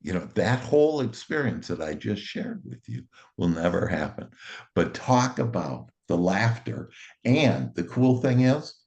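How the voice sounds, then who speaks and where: Deep-voiced man telling a cheerful story. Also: sing-song, unhurried, gravelly, a little mellow. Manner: chuckles often while telling; cheerful and upbeat. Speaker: author and motivational speaker. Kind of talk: casual anecdote telling.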